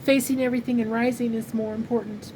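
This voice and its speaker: This fast-talking woman has a slightly high voice with little pitch movement. In her 50s and from California, she runs a crochet channel and chats at home in a rambling, heartfelt personal vlog full of fillers, captured in a noisy recording.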